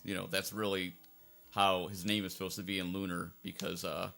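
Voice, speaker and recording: A man's voice: low-pitched, flat delivery, a little fast, gravelly, bright, forceful tone, faint music behind. A man casually commentating over a game playthrough as its fan translator, rambling and circling back on his points. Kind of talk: casual let's-play commentary.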